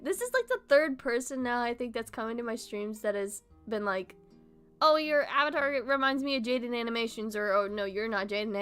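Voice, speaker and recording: Young adult woman, streamer, casual chat, bright voice, animated, swears a lot, faint guitar behind. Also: on the high side. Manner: animated, heavy swearing, frequent laughter.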